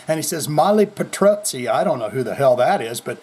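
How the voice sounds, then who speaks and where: A man's voice: on the high side, lively intonation, brisk. A man hosting his own heavy metal news podcast from home, rambling and joking with a lot of swearing. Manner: rambling, jokey and profane with sudden swings in loudness. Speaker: podcast host. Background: people moving things around.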